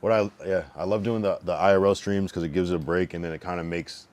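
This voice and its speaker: A man's voice: sits low, fairly even intonation, fast, a little mellow. A young man on a casual live stream, chatting loosely and repeating a word again and again to get the pronunciation right. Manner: loose and rambling, with many fillers and laughs. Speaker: livestreamer.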